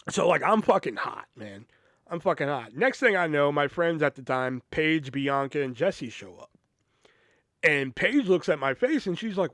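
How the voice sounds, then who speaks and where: A young man tells a story from his own life in a loose, profane podcast monologue. He keeps restarting his sentences and leans on fillers. His voice is smooth and resonant, and the recording is close and dry. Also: a little high, lively intonation, fairly quick, dry recording. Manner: turns quiet and reflective. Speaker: podcast host telling a personal story.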